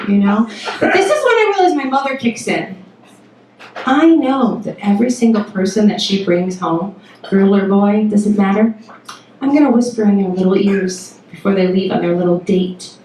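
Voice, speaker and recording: A woman's voice: high voice, expressive, normal speed. A woman telling a frank, profane comic story about motherhood at a live storytelling show, laughing often. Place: live storytelling stage before an audience. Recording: very echoey venue, distant mic, noisy.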